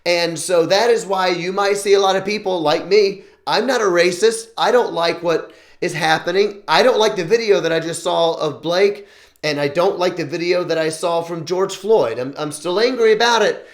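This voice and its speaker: A man's voice: high voice, moderate pace. A man hosting his own show, talking earnestly through his opinions and often restarting sentences. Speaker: show host. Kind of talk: opinion vlog monologue. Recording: roomy echo.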